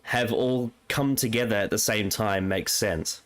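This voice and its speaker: Male co-host, low voice, halting casual opinions. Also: a bit bright. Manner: hesitant, restarts often when giving opinions. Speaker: podcast co-host. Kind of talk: casual podcast chat.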